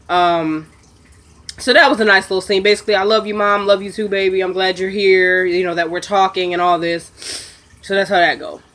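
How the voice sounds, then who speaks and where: A sniffly woman in casual chat, recapping a TV episode and acting out the characters' lines in quick asides. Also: mid-range voice, fairly bright tone.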